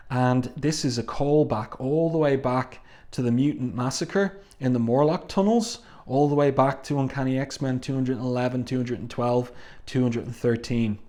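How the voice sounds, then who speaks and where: A man casually reviewing a comic book, reading its dialogue aloud with many fillers and restarts. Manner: reads dialogue aloud in a low, hushed tone, with fillers.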